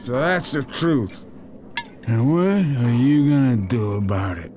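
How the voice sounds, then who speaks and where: A man's voice: mid-range voice, lively intonation, slow pace, a little mellow, soft background music. An actor playing a bitter, cruel father who sneers at his children. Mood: sneering. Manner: sneering, then breaking down in sobs. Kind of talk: audio drama acting.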